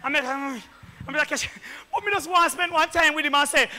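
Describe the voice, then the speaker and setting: A Jamaican deacon preaches in patois, rising to fervent shouts. His voice sits very high and bright. Long reverb from the church hall trails each line. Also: normal speed, slight background noise.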